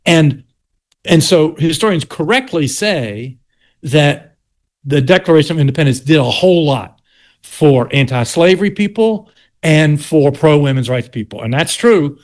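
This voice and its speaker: A man's voice: on the high side, expressive, a little slow. An older man from South Carolina with a Southern US accent, a history teacher explaining his argument in an interview with restarts and pointed asides.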